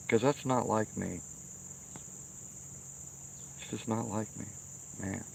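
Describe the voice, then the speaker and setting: A man's voice: fairly low pitch, extremely slow, creaky, pauses often, slight background noise. A middle-aged man hosting a livestream, telling a rambling, profane story outdoors and often checking in with "okay?". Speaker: livestream host. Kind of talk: casual storytelling. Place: outdoors by a fire pit at night.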